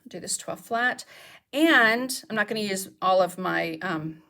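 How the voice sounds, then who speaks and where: Her mid-range voice is animated, creaky, pushed and bright, and she talks a little slowly. The woman, a craft instructor, chats casually while demonstrating mixed media techniques and responding to viewer questions live.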